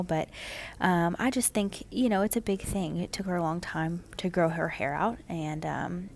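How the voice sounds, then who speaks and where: A woman casually narrating her home haircut video, chatty and relaxed, with lots of "um"s and "kinda"s. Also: lowish voice, unhurried, gravelly, slight background noise.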